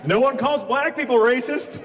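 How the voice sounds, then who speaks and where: A man's voice: very high voice, normal speed. A man doing stand-up comedy with crowd work on stage, talking in a blunt, teasing and provocative way. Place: stage before a live audience. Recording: loud background noise.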